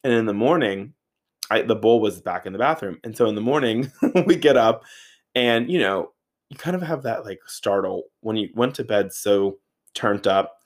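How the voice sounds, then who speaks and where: A man in his thirties telling a casual, animated story, swearing freely and saying "like" a lot. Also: lowish voice, normal speed. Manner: animated, profane, filler-heavy with frequent "like".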